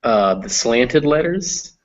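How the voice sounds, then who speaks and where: A man teaching English pronunciation in an online reading class, explaining patiently and modeling words slowly. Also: medium pitch, expressive, lo-fi sound.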